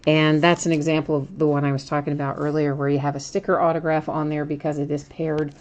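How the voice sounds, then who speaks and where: A woman's voice: deep voice, little pitch movement, fast, darkish tone, lo-fi sound. A woman hosting a card break, chatting casually as she names each card she pulls and laughs at her own slips.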